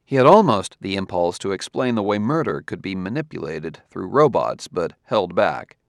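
A man narrating a story in a steady, even storytelling manner. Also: low voice, moderate pace, no room sound, studio quality. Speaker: audiobook narrator. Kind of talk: scripted narration.

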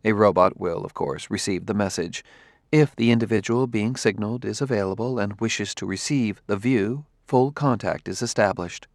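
A man voicing a calm, formal humanoid male robot with precise phrasing in an audiobook. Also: on the low side, normal speed, no room sound, studio quality, natural voice.

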